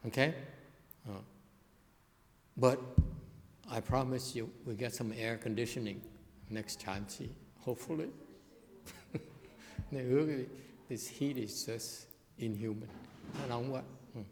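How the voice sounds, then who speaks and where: A man giving a Buddhist dharma lecture to a hall, speaking haltingly with many fillers and restarts. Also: mid-range voice, fairly even intonation. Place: hot lecture hall without air conditioning. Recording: long hall reverb.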